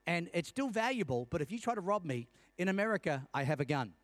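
A man's voice: sits high, very animated, fast talker. A male pastor in his fifties preaching a sermon, telling a personal story and calling out to his congregation. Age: 50s.

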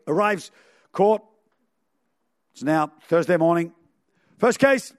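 A man's voice: sits high, animated, a little slow, pauses often, no echo. A man preaching a sermon, telling a story animatedly with sound effects and chuckles.

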